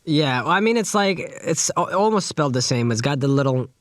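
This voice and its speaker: A young man co-hosting a casual podcast, trading sarcastic, quick banter. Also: fairly high pitch, lively intonation, no room sound, studio quality. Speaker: podcast co-host.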